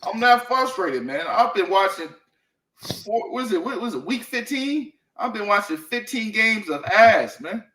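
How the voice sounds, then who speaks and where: A man's voice: sits high, lively intonation, normal speed, bright, forceful tone, reverberant, a little hiss or hum, poor audio. A man co-hosting a casual sports talk show, blunt and profane, leaning on "man" and "you know what I mean.". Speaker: sports podcast co-host.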